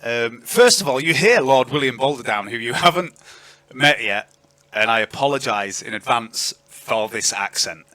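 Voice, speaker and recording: Male game master, animated, bright, chatty, online call. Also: mid-range voice, moderate pace, no room sound. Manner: lively, chatty, filler-heavy. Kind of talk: narrating a tabletop game.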